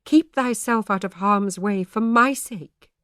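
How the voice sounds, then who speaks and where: A woman's voice: mid-range voice, unhurried, no echo, studio quality, voice pushed up, lightly acted. A woman doing a grave, troubled parson. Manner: grave, pleading, formal old speech. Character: troubled devout male parson, solemn.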